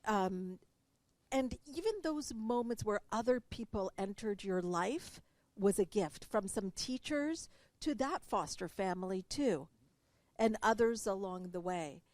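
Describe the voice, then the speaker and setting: Woman host asking about a guest's book, mid pitch, dry close sound. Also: lively intonation, measured pace, a little mellow, dry recording. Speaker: interviewer and coach. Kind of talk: interview conversation.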